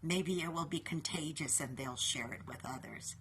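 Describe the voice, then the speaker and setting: A woman hosting a short inspirational video, talking in an upbeat, animated way and calling her viewers boys and girls. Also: deep voice, moderate pace, a little hiss or hum. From New York.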